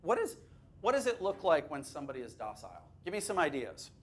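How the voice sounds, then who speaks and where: A man with a fairly high voice leads a workshop for teachers, chatting lively and putting questions to the room. His delivery is loose and conversational, with quick jokes. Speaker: workshop presenter. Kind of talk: teacher training workshop lecture. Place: classroom or workshop room with a live audience.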